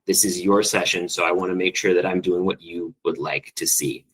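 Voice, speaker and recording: A man teacher presenting an online spreadsheet training, quick and enthusiastic, with frequent ums and restarts. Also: sits low, fairly even intonation, breathy edge, low-quality recording.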